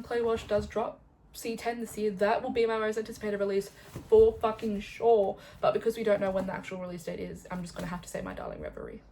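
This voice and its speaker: Young woman, book vlogger, excitable, gushing, rambling, mid-pitched voice. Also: fast, a little hiss or hum, poor audio. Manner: gushing, excitable, swears freely, rambles off topic. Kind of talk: casual chat to camera.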